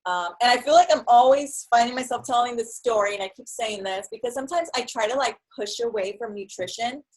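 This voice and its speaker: A young woman in casual conversation, telling her story in an animated way and acting out what others said. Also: a little high, brisk, low-quality recording. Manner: animated storyteller, acts out quotes. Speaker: guest.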